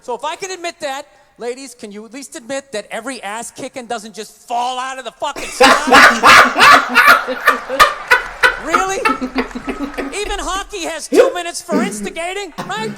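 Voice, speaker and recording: Ranting, profane stand-up man, high-pitched. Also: expressive, normal speed, long pauses, in a large hall. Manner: profane, ranting, breaks into mocking voices. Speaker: stand-up comedian. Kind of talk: stand-up routine. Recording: noisy recording of a live stand-up set.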